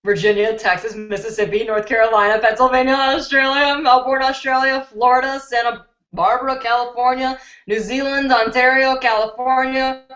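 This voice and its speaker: Chicago girl live streaming off her webcam, bubbly and excitable, roomy dull sound. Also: high-pitched, normal speed. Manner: bubbly, excitable, reads out viewer comments. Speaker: beauty YouTuber hosting a live stream. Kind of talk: live stream chat reading comments. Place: indoors at her computer.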